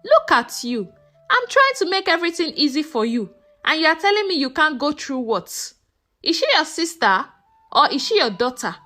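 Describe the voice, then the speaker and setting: A woman voicing a scheming middle-aged wife, scolding her husband in rapid, shouting bursts. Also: high voice, sing-song, faint music behind, heavily acted.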